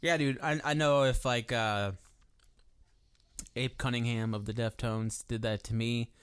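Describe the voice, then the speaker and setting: A man's voice: medium pitch, fairly even intonation, a little slow, a bit bright, clear, resonant tone. A man co-hosting a casual music podcast, laid-back, swearing freely and talking in loose, filler-heavy chat. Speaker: podcast co-host. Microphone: desk microphone.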